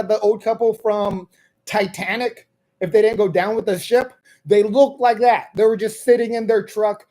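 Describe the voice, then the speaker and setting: A man with a warm, mellow voice tells a rambling comic story to a live audience. He mocks himself and repeats his punchlines for effect. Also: high voice. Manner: rambling, self-mocking, repeats lines for effect. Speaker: comedian and podcast host.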